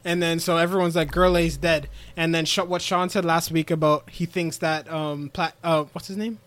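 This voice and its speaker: A man's voice: fairly high pitch, fairly even intonation, normal speed, fairly bright tone. A man casually recapping an anime episode on a podcast, animatedly acting out the characters' lines as he tells it. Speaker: podcast co-host.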